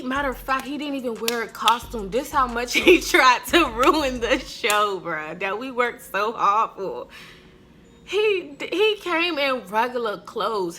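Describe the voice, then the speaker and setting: A woman tells a story straight to the camera in a bright, sharp voice. She talks in an animated, casual way, swears freely and often breaks into laughter. Faint music plays softly behind her. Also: medium pitch. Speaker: vlogger telling a story.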